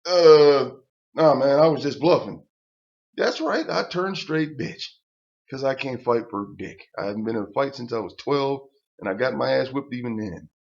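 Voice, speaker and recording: A man's voice: mid-range voice, expressive, moderate pace, creaky, highs cut off. An older man telling a personal story as a casual, profane rant, blunt and stammering through restarts.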